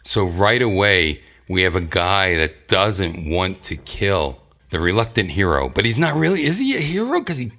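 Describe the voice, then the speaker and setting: A man's voice: low voice, very animated, normal speed, pushed and bright. A man hosting a casual chat, rambling and profane, often laughing as he recaps a story.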